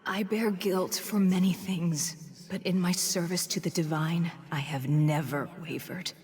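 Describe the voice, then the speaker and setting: Woman voicing a calm accused game spirit, low, slow, echoing. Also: close to an everyday voice. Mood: defiant. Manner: calm, measured, defiant. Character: defiant accused spirit on trial.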